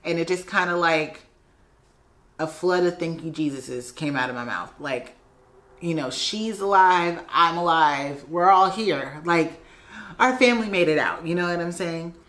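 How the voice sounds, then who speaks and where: A young adult woman vlogger telling a personal story in a casual, animated way, acting out the voices of the people in it. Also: fairly low pitch, measured pace.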